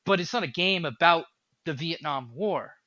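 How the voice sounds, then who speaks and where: A man who is a game developer, talking as a podcast guest in an animated, rambling way. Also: fairly high pitch, normal speed, dry recording, highs cut off. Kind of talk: casual podcast chat.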